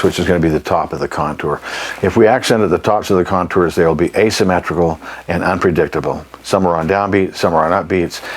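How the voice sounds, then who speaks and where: A man teaching jazz articulation in a plain-spoken, emphatic way. He often clears his throat and scats rhythms to show a point. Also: deep voice, rough recording. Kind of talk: instructional demonstration.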